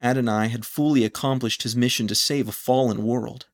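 A man's voice: medium pitch, little pitch movement, creaky. Solemn male storybook narrator. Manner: measured, solemn reading.

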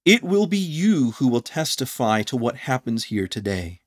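A man voicing a grieving heavenly father who speaks slowly and gravely. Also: medium pitch, sing-song. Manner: slow, heavy, grave.

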